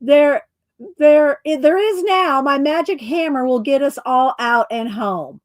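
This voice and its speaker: A woman's voice: high-pitched, a little slow, dry recording, voice pushed up. A woman reading as an eager dwarf miner. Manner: reading a fan comic aloud, slightly raised voice. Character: adventurous male dwarf miner with a magic hammer.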